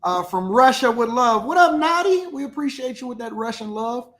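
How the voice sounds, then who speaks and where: High-voiced man reading chat shout-outs. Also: expressive, moderate pace. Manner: casual, shouting out viewers, chuckling. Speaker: podcast host. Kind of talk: reading live chat comments.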